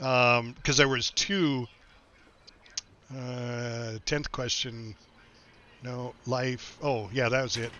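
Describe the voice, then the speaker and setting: A man's voice: mid-range voice, steady tone, drawn-out words, long pauses, bright, forceful tone. A middle-aged American man chatting casually while streaming a game, easygoing, laughing often and rambling with restarts; recorded with dull, dry sound. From United States. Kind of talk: casual chat while gaming.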